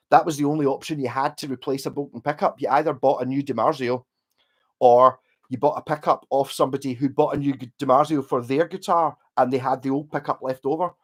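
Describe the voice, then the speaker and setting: A Scottish man talking loosely to his live stream audience, with a mid-range voice that is neither high nor low. He rambles, chats and drops the odd swear word as he goes. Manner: rambling, chatty, casual swearing. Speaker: livestream host. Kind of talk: casual livestream chat.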